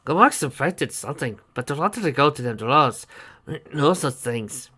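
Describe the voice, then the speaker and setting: A man's voice: mid-range voice, lively intonation, a little slow, pushed and bright, husky, heavily acted. A man voicing an odd, secretive male half-orc tinkerer with a put-on accent, who talks about himself in the third person in broken grammar. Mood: chummy.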